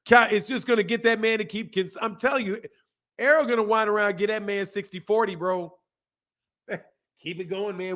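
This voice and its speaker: A man hosting a boxing livestream, talking in a slangy, animated way and laughing often while reading out viewer messages. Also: high voice, moderate pace. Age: adult, a father. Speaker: boxing channel host. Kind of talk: casual livestream chat.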